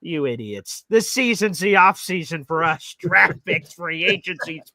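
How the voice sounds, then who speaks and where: A man's voice: high-pitched, a little slow, gravelly, no echo, rough recording. A man hosting a sports talk show, telling stories and acting out the people he quotes. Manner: animated storyteller acting out quotes. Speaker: podcast host. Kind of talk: casual sports talk storytelling.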